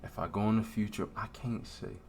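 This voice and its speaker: A young man giving an earnest, emotional, halting confessional talk in a vlog. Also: fairly low pitch, steady tone, vocal fry, a little hiss or hum. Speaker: faith vlogger.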